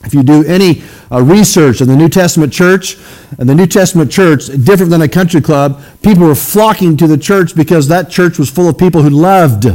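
A man preaching a sermon to his congregation in a conversational way, often checking in with the room with a quick "okay?". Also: on the high side, a little mellow. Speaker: pastor. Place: church sanctuary.

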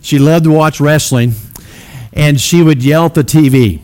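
A man's voice: on the high side, unhurried, darkish tone. Folksy, rambling middle-aged storyteller man. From Missouri. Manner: rambling and self-deprecating, with many fillers.

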